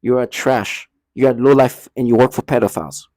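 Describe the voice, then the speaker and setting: A man's voice: mid-range voice, fairly quick, dark tone, dry recording, clean studio sound. A man ranting indignantly to the camera in a monologue, repeating himself and stumbling over restarts. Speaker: vlogger. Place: indoor building hallway.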